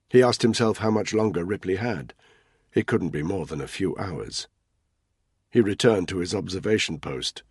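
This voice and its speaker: A man giving measured, tense scripted narration of a military thriller audiobook. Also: low voice, breathy edge, no echo, clean studio sound.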